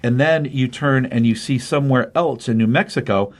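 Speaking at a moderate pace in a mid-range voice, this man hosts a casual talk show about comics. He rambles through a recap of a comic book, fixing his own slips as he goes.

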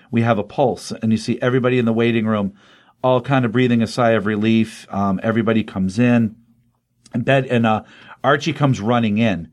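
Chatty man recapping a comic. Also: mid-range voice. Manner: rambling, retells scenes with quoted voices. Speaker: podcast co-host. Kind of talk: casual chat recapping comics.

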